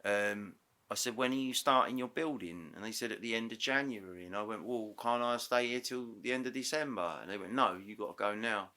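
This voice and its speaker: A man guest on a podcast, telling a story casually and acting out the dialogue with quick self-corrections. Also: lowish voice, bright, forceful tone. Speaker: interview guest. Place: podcast studio.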